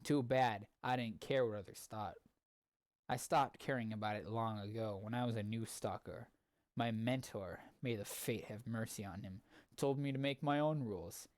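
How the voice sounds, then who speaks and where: A man's voice: on the low side, darkish tone, no echo. Casual man reading fanfiction aloud, dry sound. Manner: casual and wry, many fillers between readings. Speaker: streamer host.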